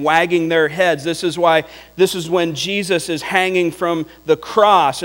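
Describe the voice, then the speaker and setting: A man delivers a sermon from the pulpit at an unhurried, measured pace, leaning on repetition to drive each point home. His voice sits a little high for a man. It rings out with the long reverb of a church sanctuary. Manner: deliberate, emphatic preaching with repeated phrases. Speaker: pastor.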